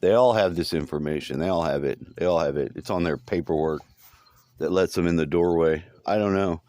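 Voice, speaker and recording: A man's voice: low voice, a little fast, a little mellow, no echo. A man telling a long dream in a rambling, casual monologue, swearing often and repeating himself. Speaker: vlogger recounting a dream.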